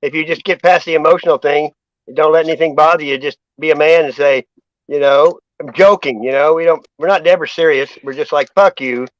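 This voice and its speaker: A blunt man holding forth in a casual group chat. He talks fast in a slightly high voice, and the sound is dry and close. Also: steady tone, dry recording, lo-fi sound. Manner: blunt, preachy, says "you know what I mean".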